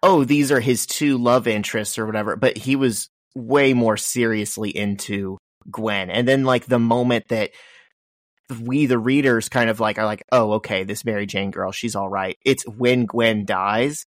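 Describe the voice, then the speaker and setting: A man's voice: mid-range voice, steady tone, unhurried, dry recording, clean studio sound. A man co-hosting a podcast in casual chat, making wry jokes and explaining comic history. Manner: wry, joking asides and background explanations. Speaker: podcast co-host.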